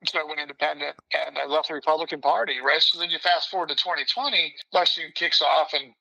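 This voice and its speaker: An older man telling stories as a podcast guest in a brash, animated way, often mimicking other people. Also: a little high, fast, creaky, low-quality recording. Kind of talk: casual storytelling interview.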